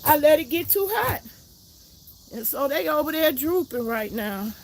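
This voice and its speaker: High, gravelly-voiced woman ranting on a livestream. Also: lively intonation, a little slow, slight background noise, poor audio. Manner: ranting, outspoken, swears freely. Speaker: gardening livestream host. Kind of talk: casual livestream chat. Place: garden outdoors, then indoors.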